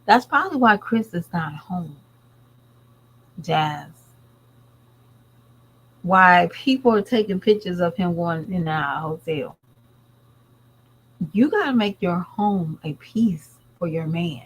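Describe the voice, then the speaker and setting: A woman who is a vlogger and a mother talks straight to her viewers, blunt and rambling in casual commentary. Her medium-pitched voice has lively intonation and a measured pace with long pauses, and the recording is muffled.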